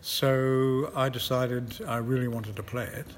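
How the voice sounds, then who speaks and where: Here an older Scottish actor tells stories in a casual interview, laughing at his own expense. His medium-pitched voice stays level and runs a little slow, over noisy ambient surroundings.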